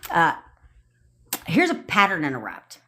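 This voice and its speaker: A woman's voice: lowish voice, expressive, normal speed, a bit bright. Blunt, swearing woman coach ranting. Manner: blunt, profane, repetitive tough-love ranting. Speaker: manifestation coach. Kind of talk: TikTok live rant. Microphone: phone.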